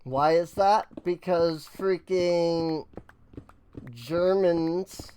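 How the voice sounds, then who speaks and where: American gamer ranting along slowly, mild swears everywhere, faint hiss behind. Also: mid-range voice, mellow. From United States. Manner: ranting, self-mocking, peppered with mild swears. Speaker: gaming streamer. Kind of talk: casual rambling commentary.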